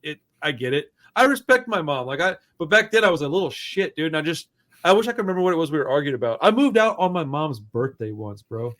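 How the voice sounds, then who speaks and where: Lively profane young man telling stories. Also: on the high side, quick pace. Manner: animated, profane, acts out quotes. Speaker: podcast co-host. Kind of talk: casual storytelling chat.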